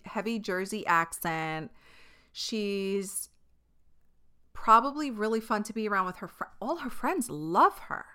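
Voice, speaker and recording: A woman's voice: medium pitch, bright, forceful tone, smooth. A young woman from New York with a New York accent, hosting a podcast in a frank, chatty monologue full of fillers and the odd swear word. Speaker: podcast host. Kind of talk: casual solo podcast monologue.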